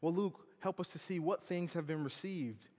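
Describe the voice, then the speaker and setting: Campus preacher, a man, sermon delivery, loud emphatic quotes against soft asides, hall reverb. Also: a little high, normal speed. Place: campus chapel.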